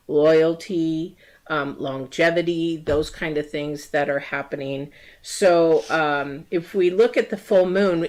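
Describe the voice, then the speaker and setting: Low-voiced woman giving an astrology reading. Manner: rambling, many ums and restarts; acts out quoted voices in story asides. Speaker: tarot and astrology reader. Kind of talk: casual livestream talk.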